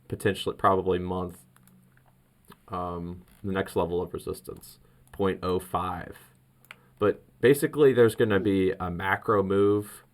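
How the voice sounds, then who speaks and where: A man hosting a casual crypto vlog, rambling excitedly through trading charts with many restarts. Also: sits low.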